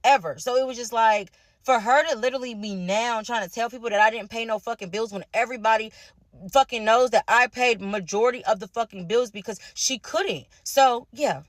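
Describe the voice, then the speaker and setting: A woman ranting through a personal storytime at a rapid clip, cursing freely as she vents. Her voice sits at an ordinary pitch and sounds dry and close. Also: dry recording. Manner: fast, heavily profane venting. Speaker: storytime vlogger. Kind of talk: casual storytime rant.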